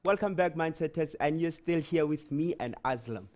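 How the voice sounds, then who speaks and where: A man's voice: fairly high pitch, normal speed, a little mellow, faint music behind. A man co-hosting a live educational stream, addressing viewers directly in an upbeat way with a few restarts. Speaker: show co-host. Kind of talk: live show presenting.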